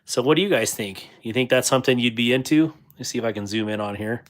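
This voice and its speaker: A man's voice: mid-range voice, fast talker. A middle-aged man chatting casually on a livestream, reading viewer comments aloud and laughing often. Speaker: livestream host.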